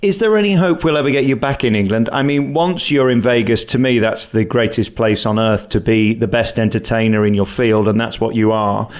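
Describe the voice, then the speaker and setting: A man's voice: lowish voice, brisk, few pauses. Effusive male radio interviewer. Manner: effusive, leading questions.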